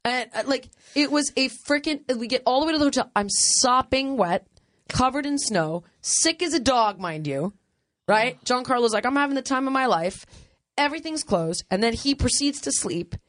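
Brief: woman podcast host, lively storyteller who laughs a lot, dry close mic. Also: sits high, moderate pace, dry recording. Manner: animated, laughs often, acts out others' lines. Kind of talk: casual storytelling chat.

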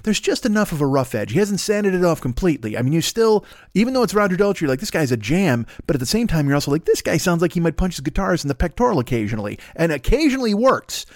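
A man hosting a podcast riffs through a profane, rambling comic monologue. His pitch sits a touch high and swings widely as he talks himself into bigger and bigger bits. The sound is close and dry, with no room around it. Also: fast, no echo. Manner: profane, animated riffing with impressions. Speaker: podcast host.

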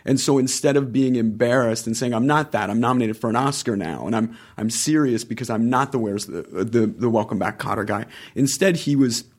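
A man's voice: medium pitch, brisk, few pauses. A man who is a guest on a podcast, chatting casually and acting out the people in his anecdotes. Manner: animated storyteller, acts out quoted voices.

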